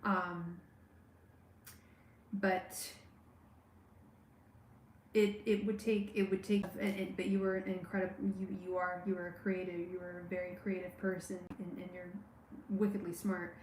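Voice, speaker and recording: A woman giving a live tarot reading on a stream, speaking warmly and straight to the viewer, with many halting restarts and fillers. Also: fairly low pitch, little pitch movement, roomy sound, slight background noise, low-quality recording. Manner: warm, personal, talks straight to the viewer. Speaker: tarot reader.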